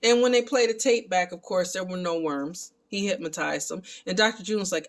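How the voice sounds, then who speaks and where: A man giving a casual, animated recap of a film and talking to his viewers as family. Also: high-pitched, normal speed, few pauses. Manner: animated, excitable retelling. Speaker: film reviewer.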